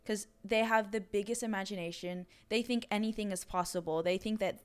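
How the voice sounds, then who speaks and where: A woman's voice: medium pitch, fairly even intonation, fairly quick, clear, resonant tone. A young woman in her twenties hosting a podcast, chatting animatedly and saying "like" a lot. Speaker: podcast host. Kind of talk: casual podcast conversation.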